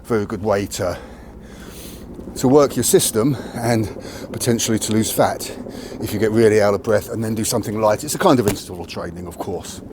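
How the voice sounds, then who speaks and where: A man's voice: fairly low pitch, fairly quick, background noise. A man explaining martial arts training in a candid, matter-of-fact way while demonstrating outdoors. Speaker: martial arts channel host. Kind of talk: casual training demonstration to camera. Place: outdoors near a tree.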